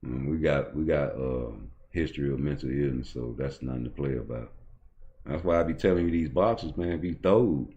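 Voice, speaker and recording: A man's voice: very deep voice, moderate pace, dark tone, highs cut off. A middle-aged man running his own boxing channel, ranting casually in a blunt, profane, heated way. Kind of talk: casual opinion rant.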